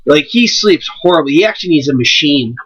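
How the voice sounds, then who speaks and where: A young man co-hosting a casual podcast, telling animated stories and slipping into silly voices. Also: on the high side, fairly quick, breathy edge, muffled recording. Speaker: podcast co-host. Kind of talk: casual chat.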